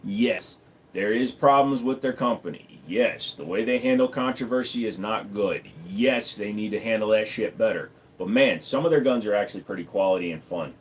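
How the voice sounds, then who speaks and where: A man's voice: lowish voice, moderate pace, a little hiss or hum. A man hosting a casual livestream, talking bluntly and profanely and rambling as he reads chat comments aloud. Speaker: livestream host.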